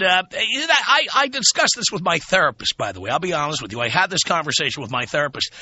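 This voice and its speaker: A man's voice: sits high, sharp tone, no room sound, muffled recording. A man hosting a radio talk show, talking to listeners in a sardonic, profane, self-mocking monologue from a studio. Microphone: studio microphone.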